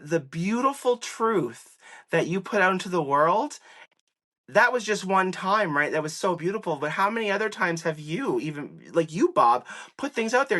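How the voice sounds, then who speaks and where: A lively man talking as an interview guest, his tone bright and forward. He fills his talk with little fillers and laughs, and his pitch shoots up whenever he quotes someone. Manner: animated, voice jumps high when quoting people; chatty, many fillers and laughs. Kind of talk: casual interview storytelling.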